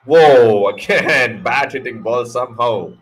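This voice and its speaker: A man hosting a casual live cricket watch-along, excitable and joking, cursing freely at the action. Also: medium pitch, slow pace, husky, poor audio. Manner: excitable, swears, jokes. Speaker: live stream host.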